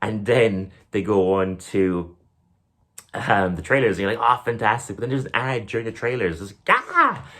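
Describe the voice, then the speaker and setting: A man's voice: lowish voice, moderate pace, a bit bright. A young man, a comedian, rambling casually through his bits and acting them out in silly voices. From Ireland. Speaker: comedian and podcast host.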